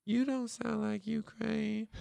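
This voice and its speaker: A man's voice: high-pitched, level tone, slow pace, creaky, warm tone, clear, resonant tone, dry recording, heavily acted. A man voicing a male crook disguised as a flirty woman with a fake Russian accent. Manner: flirty, saucy, teasing.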